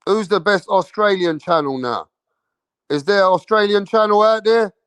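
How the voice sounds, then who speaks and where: A man's voice: high voice, moderate pace, a bit bright, smooth, no echo. A man with a London accent hosting a boxing livestream, brash and slangy, swearing and repeating himself as he calls out questions to his chat. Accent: London English. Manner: calls out to chat and waits for answers. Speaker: boxing channel host.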